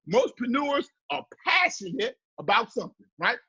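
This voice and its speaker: A high-pitched man delivers a preachy motivational business talk, full of call-and-response asides. His voice is husky, and the recording sounds dull and lo-fi. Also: sing-song, normal speed, pushed and bright. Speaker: marketing speaker.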